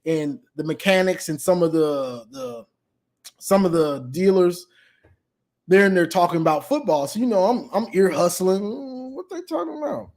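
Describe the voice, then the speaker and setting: A man with a notably high voice hosts a live sports call-in stream in casual talk. He stammers through restarts and acts out both sides of a trash-talk story, laughing as he goes. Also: normal speed, a little mellow.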